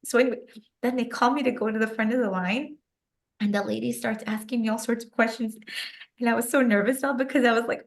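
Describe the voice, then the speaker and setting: Her voice runs high and gravelly, and she talks fast. In an interview, the young adult guest author retells something personal with lively emotion and plenty of "like."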